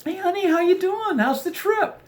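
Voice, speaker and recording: A man's voice: very high-pitched, expressive, normal speed, voice pushed up. A man voicing a questioning wife who checks up on her husband with pointed questions. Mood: prying.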